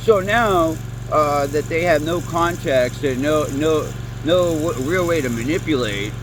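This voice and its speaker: A man's voice: a little high, expressive, measured pace, background noise. A man in his late thirties giving a profane, rambling, heated monologue outdoors. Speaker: vlogger. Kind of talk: ranting monologue. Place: outdoors near woods.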